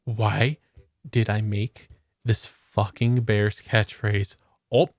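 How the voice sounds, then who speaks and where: Playing a game on stream, a man trades crude jokes with his chat, cursing heavily in casual gameplay talk. His fairly low voice is slow, a little mellow and barely shifts in pitch, captured as clean studio sound with no room noise.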